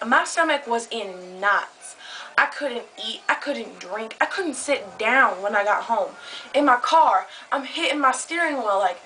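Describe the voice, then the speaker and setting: A woman's voice: a little high, lively intonation, normal speed, sharp tone, a little hiss or hum, poor audio. A young woman telling a heated story into her camera, agitated and swearing a lot. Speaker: vlogger. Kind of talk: casual vlog storytelling. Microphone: camera close up.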